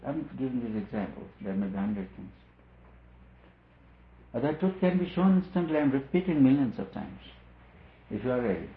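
A man giving a spiritual discourse as a teacher, talking in a measured, repetitive and emphatic way. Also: fairly low pitch. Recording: echoey room, phone-like lo-fi sound.

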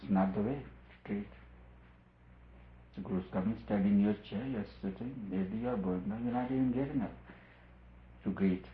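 A man's voice: lowish voice, normal speed, pauses often, a little hiss or hum. A man giving a spiritual discourse as a teacher, earnest and repetitive, pressing his key points harder. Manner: earnest, repeats phrases for emphasis, rising on key points. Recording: tinny lo-fi with roomy echo.

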